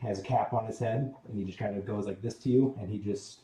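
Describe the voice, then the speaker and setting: A man's voice: fairly low pitch, fairly even intonation, quick pace, mellow, echoey room, recorded from a distance, a little hiss or hum, low-quality recording. A man running a tabletop game as game master, narrating a scene casually with lots of likes and ums.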